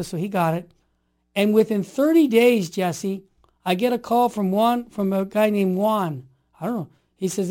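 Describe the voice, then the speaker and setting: High-voiced man in his sixties, animated. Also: a little slow. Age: 60s. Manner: energetic and emphatic, acts out quoted voices. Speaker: guest. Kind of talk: animated storytelling.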